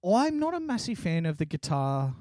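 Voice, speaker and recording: A man co-hosting a casual motorsport podcast, animated, laughing often and swearing freely. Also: fairly high pitch, normal speed, no room sound, studio quality. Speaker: podcast co-host. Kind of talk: casual sports chat.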